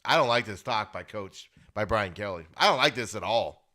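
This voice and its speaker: A man hosting a sports podcast, giving opinionated casual commentary and getting loud and high when worked up. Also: expressive, moderate pace. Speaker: podcast host. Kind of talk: casual sports talk monologue.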